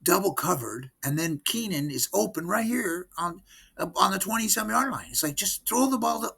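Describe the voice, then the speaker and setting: A man's voice: a little high, animated, moderate pace, creaky, sharp tone, husky. A man in his sixties giving a rambling, exasperated recap of his team's game in casual vlog talk, often repeating himself. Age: 60s. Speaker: sports fan vlogger.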